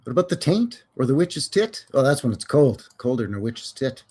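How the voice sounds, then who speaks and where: Folksy husky-voiced man hosting a stream. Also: medium pitch, very animated, brisk, darkish tone. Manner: folksy, rambling, joking, cowboy slang. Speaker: live stream host. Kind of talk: casual live stream chat.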